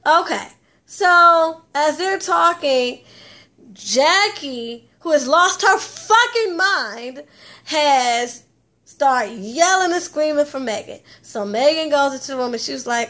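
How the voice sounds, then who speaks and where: A woman with a high voice recaps a reality show in a loose, casual way. She is chatty and blunt and swears freely. She talks straight at her audience. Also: animated, slow pace, sharp tone. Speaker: TV recap host.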